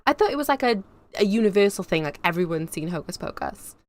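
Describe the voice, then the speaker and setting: A woman's voice: medium pitch, sing-song, fast talker. Chatty woman live-streaming. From England. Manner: chatty, bubbly, rambling with fillers. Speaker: YouTube host. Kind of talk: casual live-stream chat reading comments.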